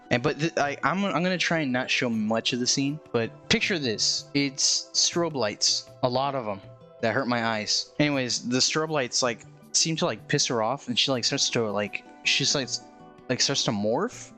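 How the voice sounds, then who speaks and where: A man's voice: mid-range voice, moderate pace, pushed and bright, soft background music. A man giving a casual, comedic movie recap, rambling and jokey with lots of filler words.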